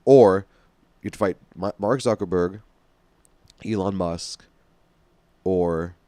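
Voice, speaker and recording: A man hosting a casual podcast chat, tossing in quick questions. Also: sits low, warm tone, no echo. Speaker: podcast host.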